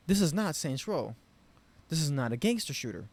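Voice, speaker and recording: A man giving an unscripted game review rant, rambling and profane, with frustrated loud bursts. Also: fairly high pitch, big pitch swings, normal speed, no echo. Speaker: game commentary vlogger.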